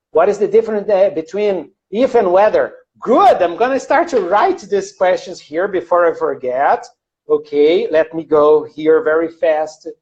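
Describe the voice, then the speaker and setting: A man's voice: high voice, darkish tone, highs cut off. A man from Brazil with a Brazilian Portuguese accent teaching English in a live online class, greeting viewers by name, repeating phrases and using many fillers. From Minas Gerais, Brazil. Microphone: computer mic on a live video stream.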